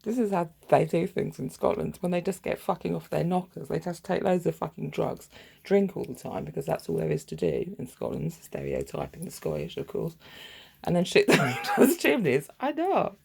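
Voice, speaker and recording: A middle-aged woman vlogging in a rambling, profane, sardonic monologue with a gravelly, husky voice. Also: sits low, animated, brisk, dark tone. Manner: profane, sardonic, wandering storytelling.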